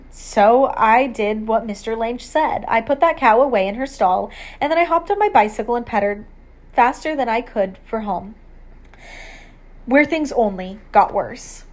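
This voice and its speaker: A woman reading an audiobook aloud, measured storytelling narration in the first person. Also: fairly high pitch.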